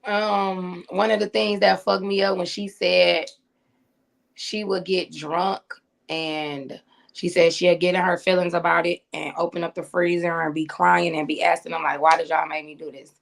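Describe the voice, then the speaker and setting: A woman's voice: on the low side, normal speed, creaky, a bit bright. A woman being interviewed, telling a blunt, profane story about her former cellmate and acting out the exchanges between them.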